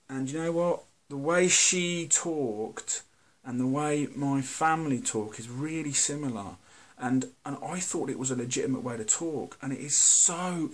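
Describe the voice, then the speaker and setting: A British man talking to camera in a candid, earnest monologue, blunt and halting, often restarting his sentences. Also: fairly high pitch. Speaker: video host.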